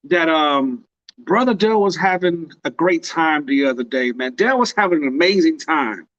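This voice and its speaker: A man's voice: on the high side, expressive, normal speed, fairly bright tone, no room sound, lo-fi sound. A man co-hosting a casual podcast, telling a story in a playful, mock-tearful way. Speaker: podcast co-host. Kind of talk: casual chat.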